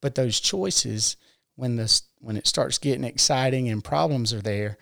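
A man's voice: medium pitch, a little slow, gravelly, a bit bright, no room sound, studio quality. A man talking in a casual conversation, explaining his ideas earnestly, step by step, with everyday examples. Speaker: podcast guest. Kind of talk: casual conversation about personal growth.

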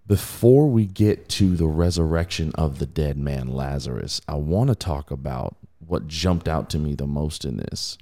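Man, podcast host, casual Bible talk, deep voice, warm tone, animated. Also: normal speed, hardly any pauses. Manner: animated, laughing, mimics voices.

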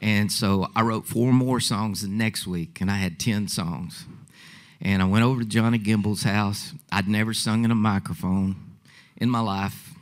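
A man tells his own story in a relaxed, folksy testimony style. His voice sits a little low, and he slips into the voices of the people he quotes. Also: moderate pace. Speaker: songwriter telling his story.

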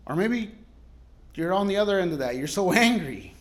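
Guest pastor, male, slightly higher voice, chatty sermon full of laughs and sudden loud cries. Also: animated, fast. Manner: casual storytelling, laughs often, shifts loud and soft.

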